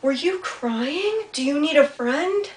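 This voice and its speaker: A woman voicing a lonely young male beaver in a children's puppet story, in a high, sweet voice. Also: expressive, slow. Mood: eager. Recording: roomy sound from a distance, faint hiss.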